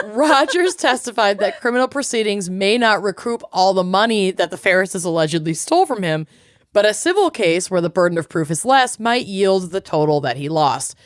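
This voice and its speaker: A woman in the middle range of pitch tells a true crime story in casual podcast chat. She reads court quotes aloud, swears freely, and sounds close and dry, with no room around her voice. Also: big pitch swings, normal speed, no room sound. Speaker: podcast co-host.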